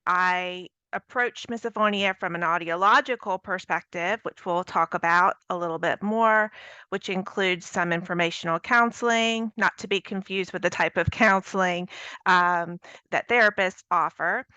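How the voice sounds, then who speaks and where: Crisp, bright-voiced woman audiologist. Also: fairly low pitch, normal speed, no echo. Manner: steady, clear, informative. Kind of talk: panelist introduction. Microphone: video call.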